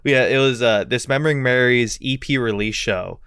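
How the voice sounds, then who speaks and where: A man's voice: mid-range voice, fairly quick, a bit bright, clear, resonant tone, no echo, clean studio sound. A young man chatting casually on a podcast as a musician guest, swearing freely and laughing as he tells stories. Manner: profane, laughing storyteller. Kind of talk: casual chat.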